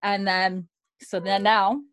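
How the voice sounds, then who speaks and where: A woman's voice: mid-range voice, flat delivery, takes it slowly, fairly bright tone, no room sound. A woman on a casual podcast, recapping a TV episode scene by scene, quoting the characters and laughing often. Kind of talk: animated casual storytelling with quoted dialogue.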